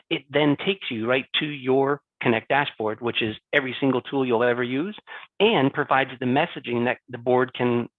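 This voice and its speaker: A man explaining a software demo in a plain, explanatory way. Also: medium pitch, no echo. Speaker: software presenter. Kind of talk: product demo. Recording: tinny dry call audio.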